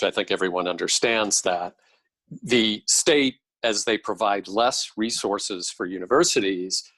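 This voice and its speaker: A middle-aged man speaking as a podcast guest and policy expert, explaining in a measured way. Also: fairly low pitch, a bit bright, no echo, rough recording. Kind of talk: podcast interview.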